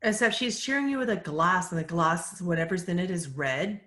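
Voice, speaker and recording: Calm medium woman in an echoey room. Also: on the low side. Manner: calm, relays messages in a measured, gentle way. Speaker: psychic medium. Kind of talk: casual live Q&A.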